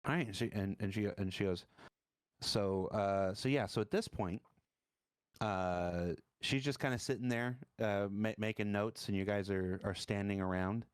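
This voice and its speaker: A man narrating a tabletop game as dungeon master, halting and searching for words. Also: on the low side, smooth, no echo, clean studio sound.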